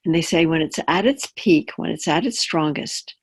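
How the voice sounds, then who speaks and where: A woman chaplain teaching in an easy, conversational tone over a webinar. She draws on personal examples and keeps checking in with quick questions to her audience. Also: sits low, slightly rough. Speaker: palliative care chaplain. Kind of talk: webinar talk.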